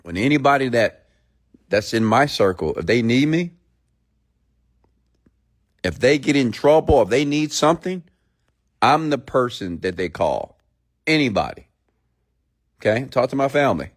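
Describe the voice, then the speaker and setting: A man's voice: mid-range voice, sing-song, normal speed, pauses often. A man hosting a live stream, ranting bluntly and preachily at his viewers, often checking in with "okay?" and reading out their comments. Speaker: host.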